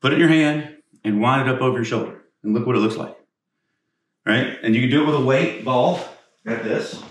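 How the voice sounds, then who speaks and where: A man's voice: mid-range voice, brisk, a little hiss or hum. A male golf coach talks through swing moves while demonstrating them, blunt and casual, with the odd curse. He gets short of breath from the swings. His voice rings in a very echoey space, picked up from some distance off the mic. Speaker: golf instructor.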